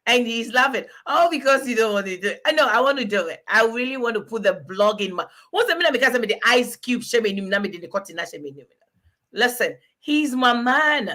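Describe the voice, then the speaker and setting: A woman's voice: a little high, lively intonation, brisk, sharp tone. A woman in her forties chatting frankly as host, laughing often and switching languages mid-sentence. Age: 40s. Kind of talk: casual chat.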